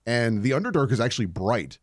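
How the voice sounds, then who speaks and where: A man's voice: mid-range voice, sing-song, a little fast, dry recording, studio quality. A man co-hosting a casual podcast, talking enthusiastically and rambling with many fillers. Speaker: podcast co-host. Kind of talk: casual chat.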